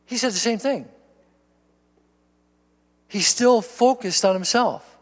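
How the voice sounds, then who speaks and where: A man's voice: high voice, slow, big-room sound. A male pastor preaching a sermon, reading scripture aloud and applying it to his listeners, repeating words for emphasis.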